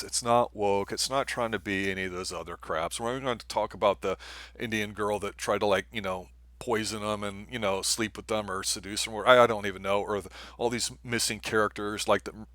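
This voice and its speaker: A man's voice: on the low side, pushed and bright, no room sound. A man hosting a casual movie review chat, rambling and opinionated, often breaking into laughter. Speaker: host.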